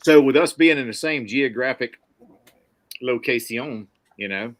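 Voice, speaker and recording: A man from Mississippi with a Southern accent, hosting a podcast in casual, folksy, excitable chat. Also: medium pitch, unhurried, no echo. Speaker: podcast host.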